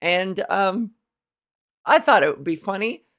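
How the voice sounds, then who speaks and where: A woman's voice: mid-range voice, sing-song, measured pace, a bit bright. A woman comedian hosting her own podcast, rambling through a profane comic monologue.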